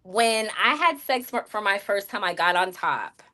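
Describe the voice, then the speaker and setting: A woman's voice: mid-range voice, animated, normal speed, sharp tone. A woman streamer telling a personal story to her chat in a frank, rambling way, full of fillers and asides to her viewers. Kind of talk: candid livestream storytelling.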